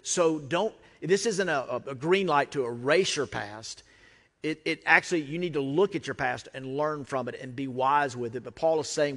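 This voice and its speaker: A man's voice: medium pitch, moderate pace, a bit bright. A man with an American accent preaching a sermon as a pastor, talking conversationally with emphatic repetition. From United States. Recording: long reverb of a large hall.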